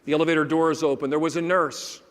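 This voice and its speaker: A man giving a motivational keynote, telling stories and acting out dialogue, dropping to a hush and then rising loud. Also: a little high, little pitch movement, quick pace, clean tone. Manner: dramatic shifts between hushed and loud, acting out dialogue. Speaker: motivational speaker. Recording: long hall reverb.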